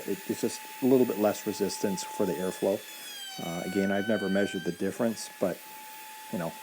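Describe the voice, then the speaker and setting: A man talks through his workshop build in an easygoing how-to voice-over, pausing on fillers and correcting himself as he goes. His voice sits a little low, with a mellow, soft-edged tone, and he sounds like a hobbyist explaining a project. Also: slight background noise. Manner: relaxed, explanatory, with frequent fillers and self-corrections. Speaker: woodworking video maker.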